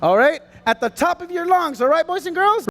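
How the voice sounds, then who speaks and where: A man presenting a lively children's stage show at a festival, playful and hammy, rousing the crowd of kids. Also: very high voice, normal speed. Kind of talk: energetic kids' stage show.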